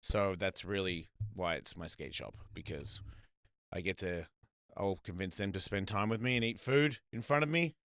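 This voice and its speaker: A man hosting a live talk show, telling stories in a casual, animated way. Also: low voice, normal speed, no room sound, clean studio sound. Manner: animated storyteller, voice jumps up when acting out scenes. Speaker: host. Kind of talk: casual chat.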